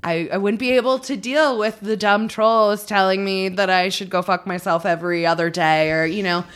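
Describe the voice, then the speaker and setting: A woman's voice: medium pitch, steady tone, moderate pace, clear, resonant tone. A woman in her thirties, a podcast guest talking candidly and rambling, swearing freely and poking fun at herself. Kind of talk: candid casual chat.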